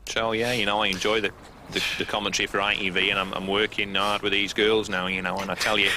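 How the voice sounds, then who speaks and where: A rambling male football coach who talks quickly in a low voice, repeating words as he goes, voiced by a man. Outdoor noise sits behind him. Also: level tone, sharp tone, poor audio. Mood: earnest.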